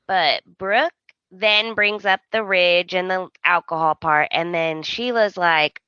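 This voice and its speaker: A woman's voice: fairly low pitch, slow pace, bright, forceful tone, clear, resonant tone, dry recording, dull audio. A woman chatting as a podcast co-host, opinionated about a soap opera and quoting characters with dramatic voices. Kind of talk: casual chat recapping a soap opera.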